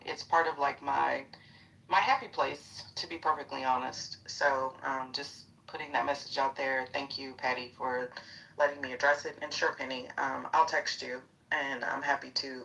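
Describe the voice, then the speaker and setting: A woman's voice: very deep voice, vocal fry, a bit bright, recorded from a distance, low-quality recording. A middle-aged woman chatting casually in a live audio room, blunt, profane and ready to call people out. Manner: confrontational when calling someone out. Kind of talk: casual chat.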